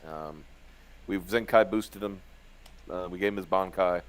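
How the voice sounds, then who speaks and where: A man's voice: low voice, a little slow. A man co-hosting a casual live show, reading viewer comments aloud and laughing often between fillers. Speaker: podcast co-host.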